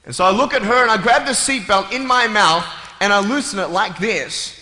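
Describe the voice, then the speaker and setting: A man's voice: high voice, bright, forceful tone. A man giving a humorous, playful talk to a live audience, joking and chatting with them. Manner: playful and jokey, with quick asides. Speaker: motivational speaker. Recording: echoey hall with faint room ambience.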